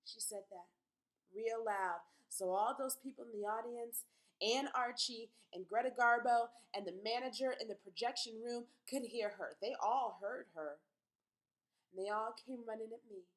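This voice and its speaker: An actress performing a dramatic monologue for an audition, telling her story in a folksy dialect and swinging from whispers to shouts. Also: a little high, moderate pace, close to an everyday voice, low-quality recording. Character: proud dreamy young woman telling her story.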